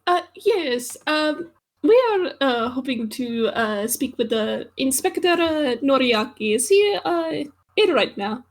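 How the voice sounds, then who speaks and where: A woman with a high voice plays a tabletop game. She speaks hesitantly, with lots of uhs and pauses. She drifts between chatting and speaking in character. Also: animated. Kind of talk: casual in-character play.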